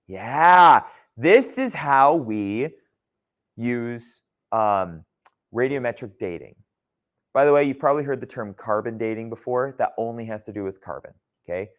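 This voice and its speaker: A man's voice: medium pitch, smooth. A man teaching a geology class in a conversational lecture style, often checking in with his students. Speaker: geology instructor.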